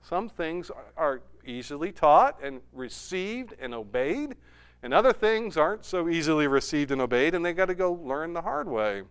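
A middle-aged man preaching a sermon in a smooth, resonant voice that sits fairly high for a man. He tells a family story and builds to emphatic, climbing peaks. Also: very animated, moderate pace. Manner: storytelling, rising to emphatic heights. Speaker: pastor.

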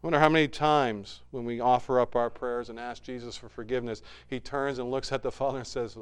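A man preaching a sermon as pastor, moving from hushed, quiet passages to loud, fervent ones. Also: medium pitch, fairly even intonation, fairly quick, hardly any pauses, clean tone.

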